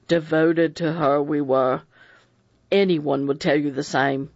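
A man's voice: a little high, fairly even intonation, slow, creaky, dry recording. A man voicing a nervous older male servant who insists on his innocence in a defensive, pleading way. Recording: dull, dry lo-fi recording.

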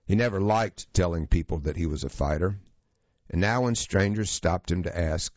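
Deep-voiced man narrating in a dry, dull recording. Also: normal speed, darkish tone, dry recording. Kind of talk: scripted narration of a true story.

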